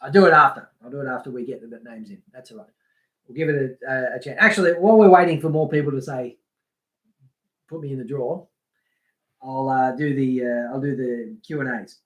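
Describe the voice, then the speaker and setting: A man's voice: medium pitch, fairly quick, a bit bright. A man hosting a casual fishing live stream, chatting loosely, reading out names from the chat and laughing often. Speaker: livestream host.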